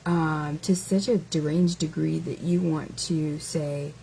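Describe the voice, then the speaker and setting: A woman's voice: deep voice, fairly even intonation, slow, vocal fry, mellow, slight background noise, poor audio. A woman hosting a casual live stream who mocks her target with taunting rhetorical questions, stretching out words as she goes.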